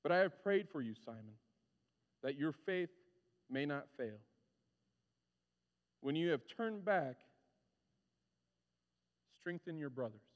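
Calm, knowing teacher, as a preacher voices him, measured delivery, long hall reverb. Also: male voice, a little high, dull audio, voice pushed down. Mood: solemn. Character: calm, knowing male teacher facing his death.

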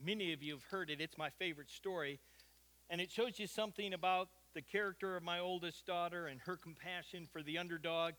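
High, bright-voiced preacher telling a story. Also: male voice, steady tone, a little fast. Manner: folksy anecdotal storyteller. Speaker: pastor. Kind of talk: sermon storytelling.

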